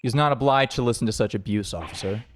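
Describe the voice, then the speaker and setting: A man's voice: mid-range voice, fast, a little hiss or hum, close to an everyday voice. A man reading the lines of a composed, stern male defense lawyer from a game, in his own voice with a firm, formal delivery.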